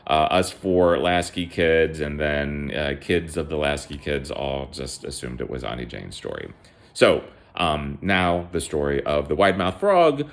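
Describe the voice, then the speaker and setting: A man casually telling a family story in a halting way, with many fillers and restarts. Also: extremely low pitch.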